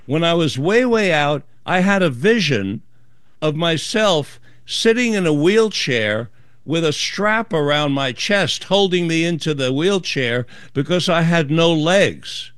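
A man's voice: fairly high pitch, unhurried, clean tone, no echo, studio quality. A man telling a story as a guest in an interview, acting out the voices of others in his tale. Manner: animated storyteller acting out dialogue. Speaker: author and guest.

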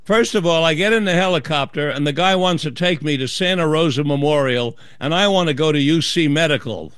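A man with a slightly high, brisk, smooth voice tells a story as an author guest in an interview, animatedly acting out other people's dialogue. The recording is clean studio sound with no echo.

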